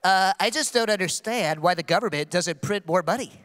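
A man's voice: high-pitched, fairly quick, fairly bright tone, big-room sound, pitched below the performer's own voice. A man mimicking a clueless spoiled young woman. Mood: dopey.

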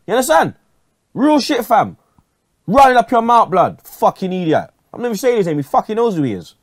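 A man's voice: high-pitched, big pitch swings, a little fast, no echo, clean studio sound. A man ranting furiously as a fan pundit, swearing and ending lines with street slang. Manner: angry, swearing, street slang at every line end. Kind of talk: heated fan rant.

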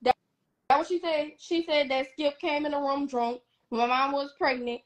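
A young woman telling a personal story on a live stream, animated and emphatic, acting out what others said. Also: high voice, moderate pace. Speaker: guest.

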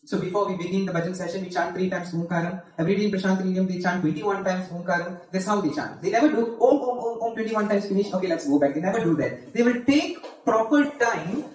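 A man's voice: sits high, recorded from a distance. Man teaching a chant in an echoey hall. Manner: patient, explains step by step, often checks with "okay?"; chants the mantra in a slow sung tone. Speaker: spiritual teacher. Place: devotional centre hall.

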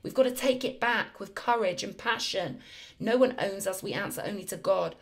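Woman, tarot reader, effusive, emphatic, chatty, mid-pitched voice. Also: moderate pace. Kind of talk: spiritual tarot reading to camera.

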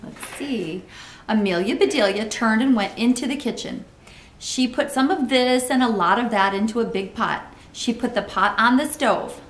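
A woman reading a children's book aloud, pausing to comment and ask listeners questions in an expressive way. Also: fairly high pitch, slight background noise. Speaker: storybook reader. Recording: roomy echo.

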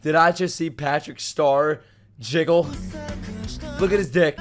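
A man's voice: fairly high pitch, a little slow, long pauses. A man hosting a first-time reaction video, swearing in disbelief and breaking into laughter as he comments. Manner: profane, incredulous, bursts of laughter. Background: faint music from the clip he is watching.

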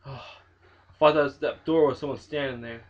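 A man's voice: mid-range voice, a little slow. A young man hosting a horror game playthrough, jumpy and nervous, swearing a lot and laughing nervously. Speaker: gaming channel host. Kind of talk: horror game let's play commentary. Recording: dull lo-fi home mic.

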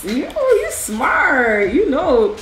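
A woman's voice: high voice, takes it slowly, reverberant, heavy background noise. A woman hosting a gaming video, giving playful, teasing commentary as she plays alongside someone. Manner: playful, animated, teasing coach. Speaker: gaming channel host. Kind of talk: casual gameplay commentary.

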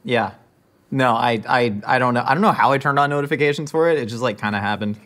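A man's voice: mid-range voice, fast, a bit bright. A man hosting, making rambling awkward small talk at a dinner table, full of fillers and restarts. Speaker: host. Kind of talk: scripted comedy monologue to camera.

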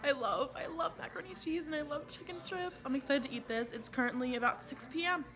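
A woman's voice: high-pitched, quick pace. A young woman talking casually to camera in a vlog, chatty and gushing, swearing now and then. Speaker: vlogger.

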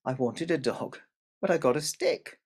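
Man doing an eager little boy, high and pleading. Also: expressive, moderate pace, a little mellow, slightly rough. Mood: cheerful. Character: excitable little boy, eager and good-natured.

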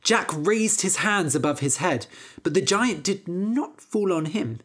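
This fairy tale is narrated by a woman whose pitch is fairly low. She tells it slowly and clearly, with plenty of expression, for English learners.

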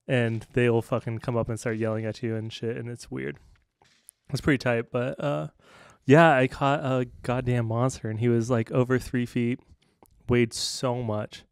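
A man co-hosting a podcast, telling stories in an excitable, profane casual chat. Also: medium pitch, normal speed, creaky, clean tone, dry recording. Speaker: podcast co-host.

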